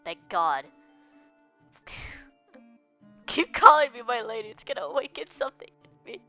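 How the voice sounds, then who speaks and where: Bright, chatty woman streamer. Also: a little high, sing-song, moderate pace. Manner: chatty, joking reactions. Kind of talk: casual commentary while reading a visual novel aloud. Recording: dull lo-fi with faint music.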